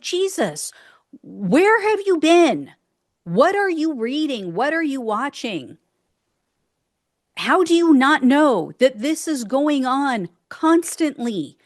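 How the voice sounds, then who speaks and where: An indignant woman hosting solo political commentary, sarcastic and prone to exasperated outbursts. She talks unhurriedly in a fairly high voice. The sound is close and dry, with no room echo.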